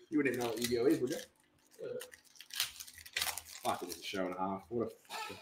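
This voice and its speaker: A young man giving hyped, swearing commentary while opening trading card packs, shouting at big pulls. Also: mid-range voice, quick pace, pauses often. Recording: roomy echo.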